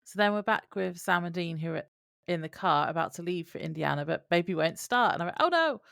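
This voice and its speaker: Giggly woman cohost, low voice with lots of fry, reads her notes, dry sound. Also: fairly even intonation, a little fast, a bit bright, no room sound. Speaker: podcast co-host. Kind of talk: casual recap chat.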